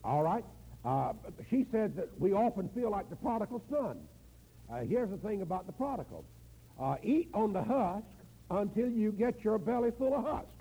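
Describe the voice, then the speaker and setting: Gravelly, lively older male preacher. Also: high-pitched, low-quality recording. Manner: folksy, storytelling with drawn-out slow emphasis. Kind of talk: sermon.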